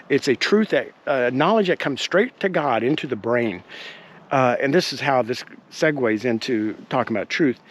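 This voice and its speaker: A man hosting his own show, telling a personal story in an animated, indignant way with many fillers, recorded on a handheld camera. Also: mid-range voice. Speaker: podcast host.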